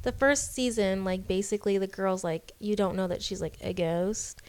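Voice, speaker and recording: A woman's voice: mid-range voice, moderate pace, a little mellow, clean tone. A young woman co-hosting a podcast, chatting casually and reading a scary story aloud. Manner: chatty, many fillers like "like". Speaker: podcast co-host.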